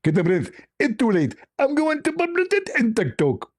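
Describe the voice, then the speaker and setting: A man's voice: very high-pitched, wildly swooping pitch, moderate pace, voice pushed up, heavily acted. A man putting on the voice of an indignant male debate opponent, scolding and mocking. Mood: scolding, gloating. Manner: scolding, mocking, repeats "get a breath".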